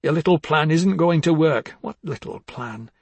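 A man's voice: a little high, expressive, moderate pace, gravelly, breathy edge, dry recording, full character voice. A man reading as a bitter, jealous husband. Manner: bitter, accusing, swings from hushed to harsh. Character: bitter, jealous older husband, bullying and weary. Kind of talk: dramatic audiobook reading.

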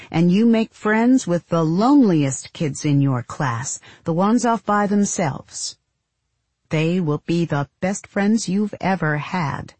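A woman reading a mother's gentle, instructive advice to her young daughter, in a husky voice. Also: lowish voice, no echo, heavily acted.

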